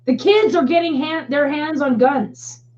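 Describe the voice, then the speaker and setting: A woman's voice: high-pitched, a little slow, a little mellow. Blunt chatty woman, lo-fi stream. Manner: chatty, blunt, swears casually. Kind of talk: casual chat. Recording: dull lo-fi stream audio with faint noise.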